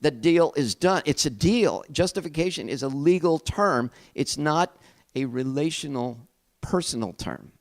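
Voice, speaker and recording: A man's voice: a little high, lively intonation, a little slow. A middle-aged man, a pastor, telling a personal story in a candid, reflective and self-deprecating way. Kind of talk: personal testimony talk.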